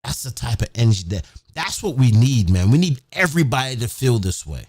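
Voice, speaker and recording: This husky, slightly mellow, medium-pitched voice has a sing-song lilt and a fairly quick pace, with no echo. The podcast host streams live from a home setup near a big city, ranting in a fired-up, profane, repetitive way and tossing in "man" constantly.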